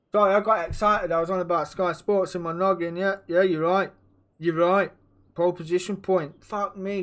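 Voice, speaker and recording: A man hosting and commenting on a race league, chatty and excitable, using slang and talking to his viewers. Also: high-pitched, moderate pace. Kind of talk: casual live-stream race commentary.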